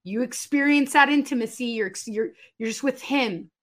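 Animated woman giving faith testimony. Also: fairly high pitch, moderate pace. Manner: emphatic, animated storyteller with sudden loud bursts. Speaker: guest. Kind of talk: conversational testimony.

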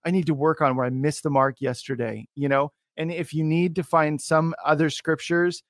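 A man's voice: a little high, fairly even intonation, moderate pace, dry recording, clean studio sound. A young adult man hosting a podcast, talking in a casual, enthusiastic way with many fillers. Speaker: podcast host. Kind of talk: podcast interview.

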